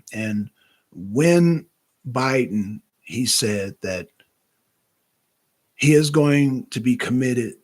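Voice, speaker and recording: A man hosting a talk show, giving casual, animated political commentary that rambles and repeats itself. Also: mid-range voice.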